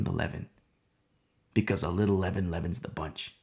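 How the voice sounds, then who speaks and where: A man's voice: deep voice, animated, a little fast, creaky, dark tone. A man preaching a sermon in an emphatic style, often checking in with the listeners. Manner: emphatic, keeps asking "you see?".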